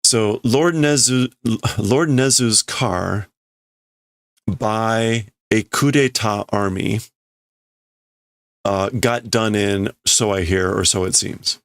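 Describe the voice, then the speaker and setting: A man's voice: lowish voice, slow pace, vocal fry, pauses often, no echo, clean studio sound. A man hosting a casual livestream, thinking aloud as he reads and translates a manga. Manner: musing, thinking aloud, laughs softly. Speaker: livestream host.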